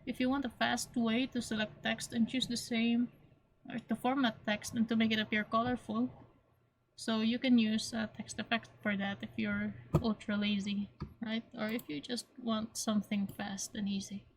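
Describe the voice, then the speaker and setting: Woman teacher, even monotone, recorded screen tutorial with faint background hum; methodical, repeats herself, clears throat often. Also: fairly high pitch, moderate pace. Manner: plain, step-by-step, repeats points, frequent throat clearing.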